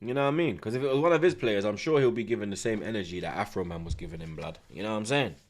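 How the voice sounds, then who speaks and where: A man hosting a live football watchalong, talking in excitable, slang-heavy banter. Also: on the low side, racing. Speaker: host. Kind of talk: live match watchalong commentary.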